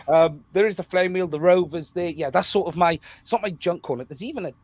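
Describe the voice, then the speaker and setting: A man guesting on a podcast, talking in a rambling, self-deprecating way, his voice rough from a cold, over a video call. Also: high-pitched, a little fast, dry recording. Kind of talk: casual podcast chat.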